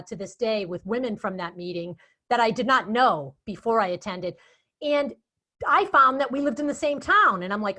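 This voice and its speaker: Boston-accented woman, interview guest, animated chatty delivery. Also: on the high side. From Boston area. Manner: chatty, animated storytelling with quoted asides. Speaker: guest speaker and event moderator. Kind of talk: casual interview chat.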